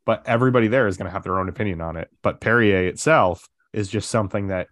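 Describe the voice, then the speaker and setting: Guy with a low voice, laid-back podcast chat, lots of likes and uhs, dead dry mic. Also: quick pace, dry recording. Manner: relaxed, filler-heavy, many "like" and "uh". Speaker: podcast host. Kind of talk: casual chat.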